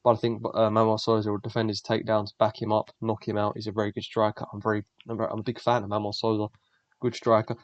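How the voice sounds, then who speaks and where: A man's voice: on the low side, completely flat delivery, quick pace, no echo. A young man, the host, giving blunt, profane, rambling fight predictions in casual solo commentary. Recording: dull lo-fi dry recording.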